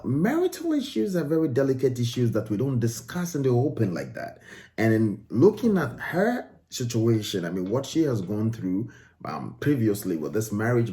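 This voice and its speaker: A man's voice: on the low side, dark tone. A man from Ghana, giving emphatic commentary on video clips and repeating phrases for stress.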